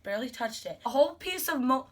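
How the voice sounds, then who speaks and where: A young woman vlogger telling a story with gushing excitement, full of fillers. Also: sits high, fast. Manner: gushing, animated, many fillers like "like".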